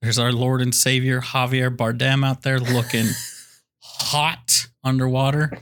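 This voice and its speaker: A man co-hosting a podcast, riffing through loud comedic rants about a movie remake and putting on mock voices. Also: medium pitch, flat delivery, unhurried. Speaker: podcast co-host. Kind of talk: comedic movie review banter.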